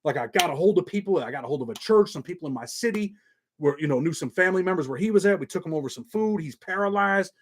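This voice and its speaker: A middle-aged man talks straight to his viewers in a blunt, streetwise manner, with a voice that sits a little high for a man. He swears freely and keeps it loose and conversational. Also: expressive, fast talker. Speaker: YouTube channel host. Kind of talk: casual monologue to viewers.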